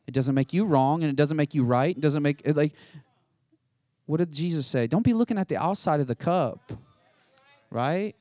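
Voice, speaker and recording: A man preaching with a voice pitched a little higher than most men. He keeps rousing the congregation with rhetorical questions and call-outs. The recording is dry, with little room sound. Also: normal speed, long pauses, a little mellow, no room sound. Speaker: pastor. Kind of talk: sermon.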